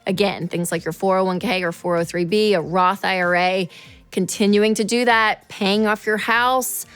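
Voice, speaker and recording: A woman's voice: normal speed, clear, resonant tone. Chatty woman giving money advice. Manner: animated, chatty, acts out quotes in a higher voice. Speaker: show host. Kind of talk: casual money advice talk.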